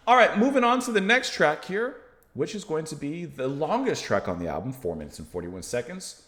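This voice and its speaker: A man's voice: mid-range voice, brisk. A man hosting a music reaction, chatting casually and jokily while quoting lyrics. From United States. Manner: animated, jokey, quotes lyrics aloud. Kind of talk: casual music review chat. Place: home room. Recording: echoey room.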